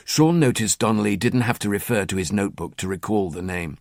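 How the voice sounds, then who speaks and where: A man reading a crime novel aloud in a measured, plain manner. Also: deep voice, no echo, clean studio sound. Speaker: audiobook narrator. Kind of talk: scripted narration.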